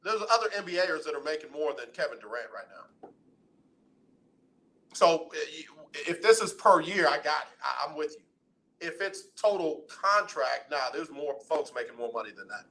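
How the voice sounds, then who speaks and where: A man hosting a radio talk show, delivering an animated, preachy sports monologue in colloquial speech. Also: fairly high pitch, moderate pace. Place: radio studio.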